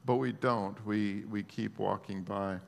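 A man preaching a sermon as a pastor, earnest and emotional, moving between hushed and raised speech. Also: on the low side, fairly even intonation, a little slow, creaky, in a large hall.

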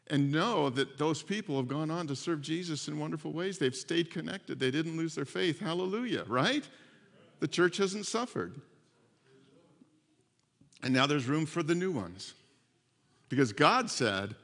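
A man preaching a sermon as pastor, animated and repeating his phrases, with frequent laughs. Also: fairly high pitch, a little slow, vocal fry. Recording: long hall reverb.

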